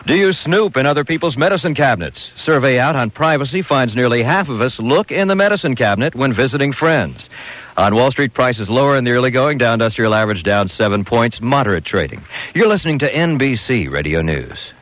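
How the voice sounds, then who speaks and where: A man reading the radio news, brisk and crisp, with a light play on words. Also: mid-range voice, expressive, fairly bright tone, no echo. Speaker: radio newsreader. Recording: dull lo-fi radio broadcast.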